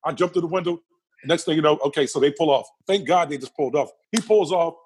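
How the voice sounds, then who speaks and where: A man being interviewed, telling a personal story with lively energy and acting out the other people's lines. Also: a little high, quick pace, slightly rough. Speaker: interview guest.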